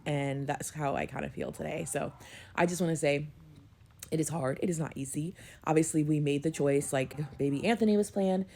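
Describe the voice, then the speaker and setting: A young woman in a candid personal vlog talks about being a new mom, emotional and close to tears. Her low, warm, creaky voice moves at normal speed, wavering and sometimes dropping to a whisper.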